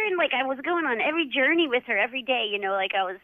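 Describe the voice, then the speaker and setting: Brief: middle-aged woman, high bright pitch, chatty animated storyteller, dry dull lo-fi audio. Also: fast talker, hardly any pauses, no echo. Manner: animated, acts out others' lines with many "like" fillers. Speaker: interview guest, former jockey. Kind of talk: casual storytelling interview.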